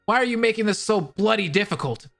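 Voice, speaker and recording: A man's voice: sits high, animated, gravelly, a bit bright, soft background music, heavily acted. A man voicing a cold, scheming male villain in a fan voice drama, taunting and contemptuous. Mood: frustrated. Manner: taunting, contemptuous, slow and menacing.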